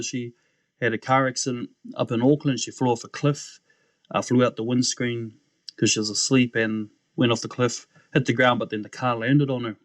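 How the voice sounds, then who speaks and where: A young man recounts his story as a podcast guest, speaking at an ordinary mid pitch. He talks casually and animatedly, mimicking the people he quotes and laughing as he goes. The sound is dry and close, with no room echo. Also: moderate pace. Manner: animated, acts out quoted voices, laughs often.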